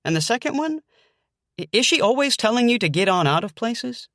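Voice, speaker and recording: A man voicing a teasing, quick-witted teenage girl in an audiobook, asking incredulous questions. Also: extremely high pitch, big pitch swings, bright, forceful tone, dry recording, studio quality, voice pushed up, exaggerated voice. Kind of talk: audiobook narration.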